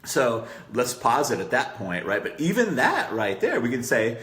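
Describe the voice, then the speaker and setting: A man's voice: mid-range voice, wildly swooping pitch, moderate pace, few pauses, a bit bright, roomy sound. A man teaching marketing copy in a coaching session, talking conversationally and checking in with "right?" as he acts out client quotes.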